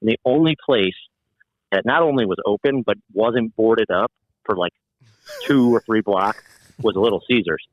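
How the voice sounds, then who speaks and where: A man from New Jersey and New York City, a guest musician telling animated stories in casual chat and swearing freely. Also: fairly low pitch, normal speed, pauses often, dry recording, lo-fi sound. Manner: animated storyteller, acts out quoted voices, swears freely.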